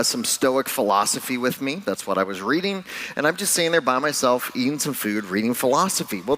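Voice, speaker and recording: Man, pastor, sermon, conversational storytelling, self-deprecating humor, mid pitch. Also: fairly bright tone.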